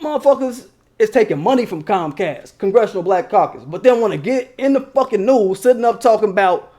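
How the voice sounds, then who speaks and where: A man's voice: high voice, expressive, normal speed, darkish tone. A man hosting his own political commentary channel, talking straight to viewers in a heated, slangy, profane way.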